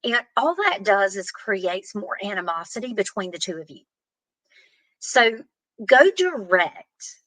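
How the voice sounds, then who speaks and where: Bright-voiced woman giving relationship advice. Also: medium pitch, sing-song, measured pace, dry recording, low-quality recording. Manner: earnest, plain-spoken, acts out example dialogues. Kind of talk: direct-to-camera advice talk.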